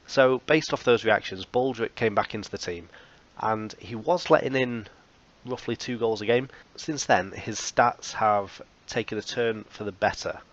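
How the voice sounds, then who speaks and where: A man's voice: on the low side, unhurried, highs cut off. A man hosting a football management let's play, recapping results in a casual, wry, self-mocking way. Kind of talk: casual game commentary.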